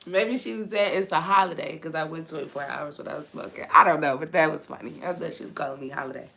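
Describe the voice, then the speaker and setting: A young woman hosting a casual live chat with her viewers, animated and laughing often, her voice slightly hoarse. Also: deep voice, fast talker. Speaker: live stream host and coach.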